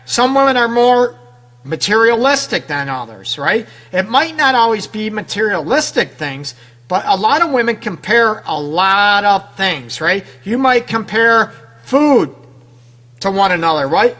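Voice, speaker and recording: A man's voice: high voice, sing-song, a little slow, a bit bright. A man hosting a radio advice show as a relationship counselor, talking directly to women listeners with lots of rhetorical questions. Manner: direct, conversational, keeps addressing women listeners; frequent rhetorical questions and tag "right?".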